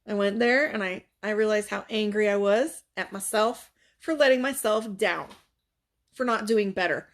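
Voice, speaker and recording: A woman who works as a life coach, telling a personal story from her couch in a blunt, profane and animated way. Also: medium pitch. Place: her living room, seated on a couch.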